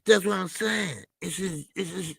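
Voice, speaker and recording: A man with a gravelly, fry-tinged voice talks slowly and loosely, hosting a live boxing chat stream. He reacts to his viewers, trailing off into fillers and restarts, and the sound is dry and close. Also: sits high, bright, forceful tone, no echo. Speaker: boxing channel host. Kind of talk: casual live-stream commentary.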